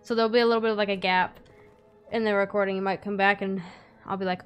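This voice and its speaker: A woman's voice: medium pitch, flat delivery, fast talker, smooth, dull audio, faint music behind. A woman hosting a gaming video in a chatty, giggly way, rambling as she plays. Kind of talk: casual let's-play commentary.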